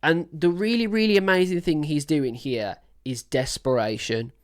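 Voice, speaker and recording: A woman's voice: low voice, moderate pace. A woman hosting a music reaction, talking casually and enthusiastically with lots of fillers as she breaks down a song. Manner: enthusiastic, rambling with many fillers.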